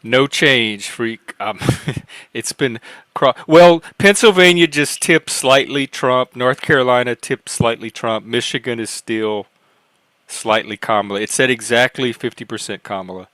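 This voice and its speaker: An American man hosting a casual live-stream chat on a video call, calmly reporting and chatting. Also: mid-range voice, unhurried, no room sound. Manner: calm, plainly reports results.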